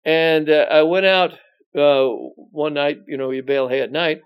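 Brief: male pastor, fairly high voice, loose conversational Bible teaching, lots of restarts. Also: steady tone, normal speed, clean tone, dull audio. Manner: rambling, frequent "you know" and restarts; reads scripture aloud with emphasis.

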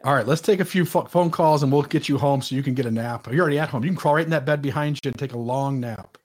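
Brisk man hosting a live show. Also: medium pitch, a little mellow. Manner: brisk, moves the show along. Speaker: host.

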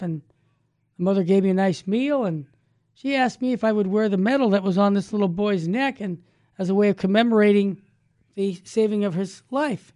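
A man's voice: sits high, a little mellow, lightly acted. A man voicing a dying old man in a retold story, speaking earnestly. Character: dying old man, gruff then grateful.

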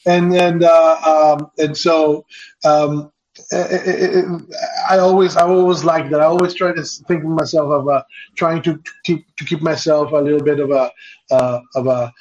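A man's voice: a little high, fairly even intonation, moderate pace, darkish tone. A man being interviewed over a video call as an entrepreneur guest, talking casually with many fillers and restarts. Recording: dull lo-fi audio.

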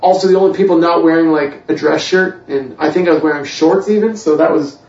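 A man's voice: fairly high pitch, fairly quick, a little mellow. A man from Canada, a church worship director, telling his faith story with humor, self-deprecating and full of fillers. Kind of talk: personal faith testimony. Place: church hall. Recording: echoey room, distant, dull mic.

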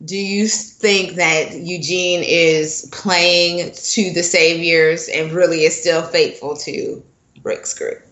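Opinionated woman podcast co-host, bright voice, roomy echoey sound, casual chat delivery. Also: fairly low pitch, fairly even intonation, slow. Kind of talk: casual discussion of a TV episode. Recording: roomy echo.

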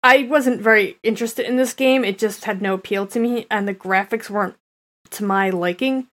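A woman's voice: medium pitch, moderate pace, fairly bright tone. Woman giving blunt opinions on games. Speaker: podcast co-host. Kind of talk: casual gaming chat.

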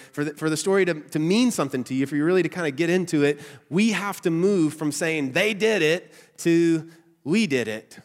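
A young man with a nasal Southern accent, a pastor preaching a conversational, animated sermon with asides to his congregation. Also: a little high. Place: church sanctuary. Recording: long hall reverb.

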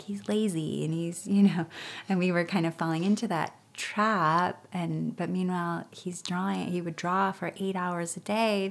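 A woman in her thirties chatting as a guest, telling lively stories and acting out what others said. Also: on the low side, creaky. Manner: animated storytelling with laughs and acted-out quotes. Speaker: guest parent. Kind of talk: casual interview chat.

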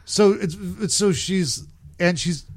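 A man's voice: high voice, slow. A man casually telling a rambling, profane story on a podcast, often laughing at himself. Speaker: podcast co-host.

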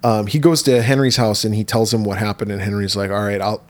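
A man's voice: on the low side, fast. A man co-hosting a podcast, casually retelling a horror film's plot and swearing freely. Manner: relaxed, swears freely, retells plots with quoted voices. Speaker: podcast co-host. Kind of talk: casual film discussion.

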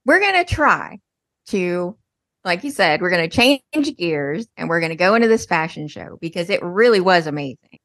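A woman's voice: on the low side, very animated, moderate pace, fairly bright tone, dry recording, studio quality. A woman co-hosting a podcast, telling stories in casual chat and laughing often. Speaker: podcast co-host.

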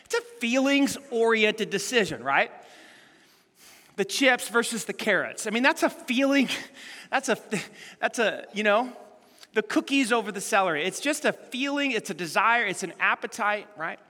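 A middle-aged male pastor preaches a casual, story-driven sermon, acting out the people in his anecdotes. His voice is bright and ringing and sits a little high. The sound carries a long reverb from a large church hall. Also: moderate pace. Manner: animated storytelling, acts out quotes.

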